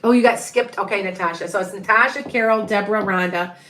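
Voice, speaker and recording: This middle-aged livestream psychic talks fast in a medium-pitched, slightly bright voice. She meanders and repeats as she thinks aloud, calling out viewers' names and counting to herself under her breath.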